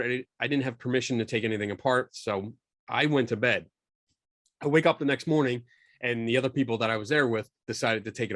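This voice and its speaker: A man being interviewed about investigating paranormal claims, telling a long story with animated restarts and asides over a video call. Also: medium pitch, no room sound, clean studio sound. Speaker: guest, skeptical paranormal investigator.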